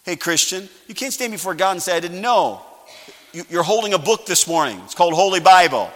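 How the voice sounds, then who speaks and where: A male pastor preaching a sermon, calling for amens and swinging from quiet asides to loud emphasis. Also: sits high, expressive, brisk. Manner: preaching with call-and-response. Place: church sanctuary. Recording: live church sanctuary with long reverb.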